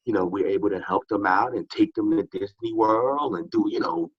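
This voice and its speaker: Deep husky tired man, dry lo-fi. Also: a little fast, no room sound. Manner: relaxed, rambling with many "you know" fillers. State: tired, short on sleep. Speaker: boxing club founder, guest. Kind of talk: casual interview talk.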